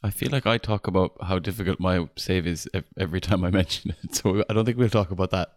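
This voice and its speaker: A man's voice: low-pitched, quick pace, no echo, clean studio sound. A man co-hosting a casual podcast chat, explaining things in an easygoing, hesitant way. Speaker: podcast co-host.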